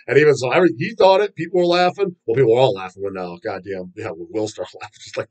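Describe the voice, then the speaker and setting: A man's voice: mid-range voice, quick pace, few pauses, a little mellow, rough recording. A man casually ranting and telling rambling, profane stories, full of fillers and restarts. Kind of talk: casual rant about metal.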